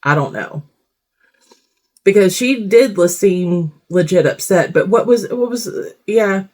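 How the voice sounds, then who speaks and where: A woman's voice: mid-range voice, animated, measured pace, a little mellow. Blunt, swearing woman reacting to TV. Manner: blunt, swears freely, rambling asides. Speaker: reality TV commentator. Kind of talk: casual reaction commentary.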